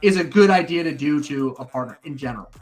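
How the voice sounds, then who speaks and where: A man's voice: on the high side, fast, faint music behind. A middle-aged man chatting casually on a stream, telling stories with lots of swearing and acting out what people said. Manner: animated storyteller, acts out quotes, swears freely. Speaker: stream co-host. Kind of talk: casual chat.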